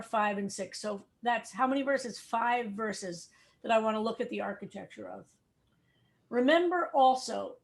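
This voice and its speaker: A middle-aged woman, a rabbi teaching a text study class over a video call, explaining step by step and repeating key points. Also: high voice.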